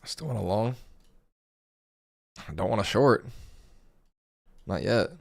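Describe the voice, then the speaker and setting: Male trader, low gravelly voice, hoarse, dry close sound, casual live market commentary. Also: slow pace, a little mellow, no echo. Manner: casual, thinking aloud over charts. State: hoarse, voice going. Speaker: day trading streamer.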